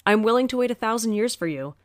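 A woman voicing a gentle, protective middle-aged father who talks in a soft, reassuring way. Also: fairly high pitch, lively intonation, fast talker, no echo, clean studio sound, voice pushed up, natural voice. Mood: tender.

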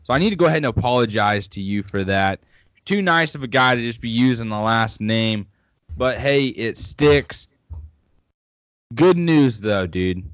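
Excitable young man, dry close sound. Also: medium pitch, normal speed, dry recording. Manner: upbeat, joking, excitable. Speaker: podcast co-host. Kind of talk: casual sports podcast chat.

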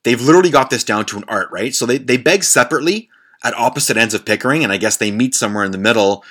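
A man's voice: mid-range voice, racing, fairly bright tone. A man, hosting a podcast and telling a rambling, profane story in a blunt, casual way. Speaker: podcast host.

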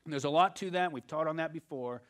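A male pastor preaching a sermon, moving from quiet asides to loud emphatic passages and acting out quoted voices. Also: on the high side, quick pace.

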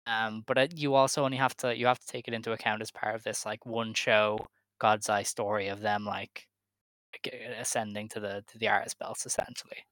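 A man's voice: lowish voice, little pitch movement, fairly quick, fairly bright tone, dry recording. A man co-hosting a wrestling podcast, recapping matches in casual chat, easygoing and hesitant with many fillers. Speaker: podcast co-host.

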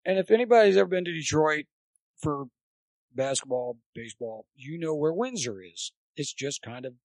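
A man's voice: a little high, normal speed, no echo. An older man telling baseball coaching anecdotes in a casual podcast chat, acting out what people said. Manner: animated anecdote teller, acts out quotes. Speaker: podcast guest, former college baseball coach.

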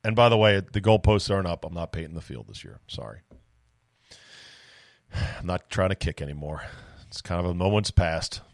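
A man hosting a solo sports podcast, telling loose, profane, animated stories close to the mic. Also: deep voice, moderate pace, pauses often, dry recording. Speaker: podcast host.

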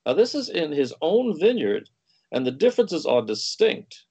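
A man's voice: medium pitch, sing-song, moderate pace, vocal fry, a little mellow, husky. A man, a wine expert guest, explaining through a story and acting out the quoted dialogue himself. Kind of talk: anecdotal explaining. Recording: dull lo-fi sound.

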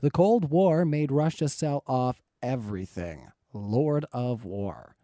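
A man moderates a live online debate, reading paid viewer messages aloud and warning the guests to stay respectful. His voice is mellow and warm, and the sound is dry and close. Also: medium pitch, expressive, slow pace, no echo.

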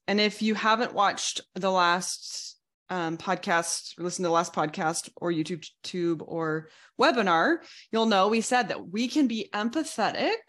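A woman's voice: mid-range voice, fairly bright tone. A woman coach talking through a podcast lesson step by step, reassuring and now and then acting out quoted voices. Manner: reassuring, explains in steps, acts out quoted voices. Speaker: betrayal recovery coach. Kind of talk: podcast teaching talk.

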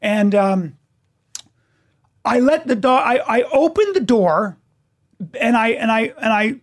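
A man hosting a casual podcast chat, telling a story with lots of energy, quick restarts and swearing. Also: extremely high pitch, lively intonation. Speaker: podcast host, stand-up comedian.

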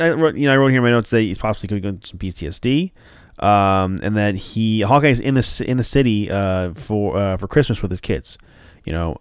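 A man's voice: medium pitch, smooth, dry recording, studio quality. A man casually recapping a TV episode, rambling with lots of fillers and restarts and swearing now and then. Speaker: show recapper.

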